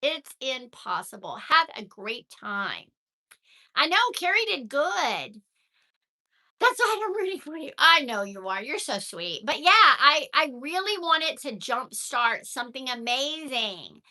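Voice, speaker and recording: A woman's voice: high voice, big pitch swings, measured pace, sharp tone. An older woman chatting casually to viewers, thanking them by name as she reads comments. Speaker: vlogger reading live chat.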